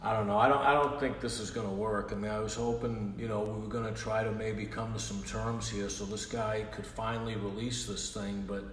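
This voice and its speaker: A man hosting a live stream, exasperated, shouting for an answer and muttering curses under his breath. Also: fairly low pitch, flat delivery, a little fast, hardly any pauses. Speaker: stream host. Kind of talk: casual live-stream comedy bit. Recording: echoey room with long reverb, faint hiss.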